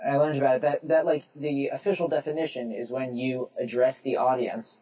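A man with a husky voice argues his case on a casual podcast, tripping over and repeating his words. He is a little off mic, on dull lo-fi audio. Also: mid-range voice, level tone, brisk, far from the mic. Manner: argumentative, stumbles and repeats words. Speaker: podcast co-host.

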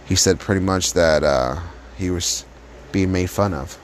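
Deep-voiced man telling his story bluntly. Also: unhurried, a little hiss or hum. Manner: blunt and profane, reflective. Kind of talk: casual personal storytelling.

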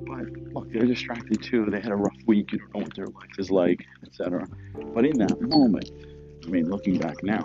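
Man, reflective talk, chatty rhetorical asides, fairly low voice, clear music underneath. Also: muffled recording. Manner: conversational, rhetorical asides and "right?" checks. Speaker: speaker reflecting on religious practice.

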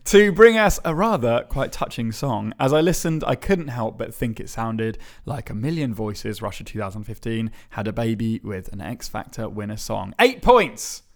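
A man's voice: mid-range voice, sing-song, normal speed. Chuckling man reading listener emails. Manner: chuckling, wry. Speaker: podcast co-host. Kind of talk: casual chat, reading listener emails aloud.

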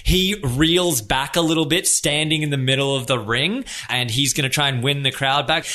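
A man narrating a tabletop game as game master, playful and lively. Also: mid-range voice, moderate pace, hardly any pauses. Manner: lively, playful narration with shouted character voices.

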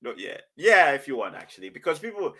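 Lively, bright-voiced man hosting a quiz. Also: fairly high pitch, brisk. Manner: lively, teasing, laughs often. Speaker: quiz host. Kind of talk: casual banter.

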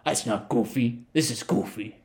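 A man doing a gruff, unamused biker. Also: mid-range voice, normal speed, darkish tone, voice pushed down, lightly acted.

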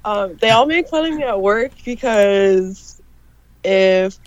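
A woman guest on a casual podcast, giggly and quick to make fun of herself. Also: medium pitch, lively intonation, dry recording, lo-fi sound. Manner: giggly, self-mocking.

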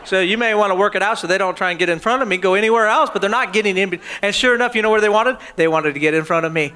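Male pastor preaching; animated storyteller with a very high, bright voice. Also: quick pace, slight background noise. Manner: animated storytelling, often laughing. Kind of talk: sermon.

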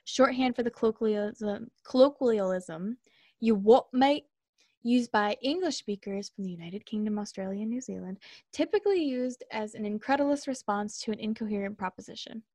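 A young woman co-hosting a casual podcast, reading slang definitions aloud in a dry deadpan way and joking between them. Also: medium pitch, fairly quick, no echo. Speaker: podcast co-host.

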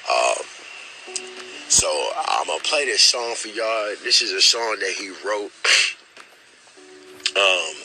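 A middle-aged man hosting his podcast, speaking in a halting, emotional way, repeating words and often saying "man" as he holds back tears. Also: on the low side, animated, pushed and bright, soft background music, rough recording. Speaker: podcast host. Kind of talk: emotional spoken dedication.

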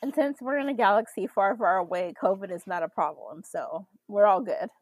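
A woman's voice: mid-range voice, brisk, no room sound, poor audio. A woman co-hosting a casual podcast chat, making wry, dry jokes. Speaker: podcast co-host.

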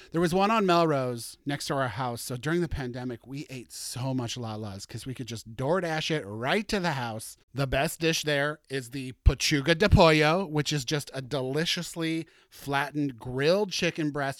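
A man hosting a solo podcast, chatty and campy, with animated asides and gushing. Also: on the high side, dry recording, studio quality. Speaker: podcast host.

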